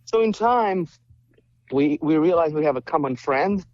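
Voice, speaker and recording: A man from Romania, guest on a podcast, tells his stories with energy and slips into the voices of the people in them. His voice sits a little high. The recording sounds dull and lo-fi. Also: measured pace, dry recording. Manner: animated storyteller, acts out quoted dialogue. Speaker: guest musician. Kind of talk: casual interview chat.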